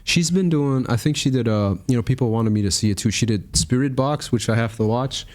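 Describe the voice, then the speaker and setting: A man hosting a music reaction, chatting excitedly and rambling about songs. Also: mid-range voice, brisk. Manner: rambling, excitable, laughs and scats rhythms. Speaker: reaction channel host. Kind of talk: casual music reaction chat.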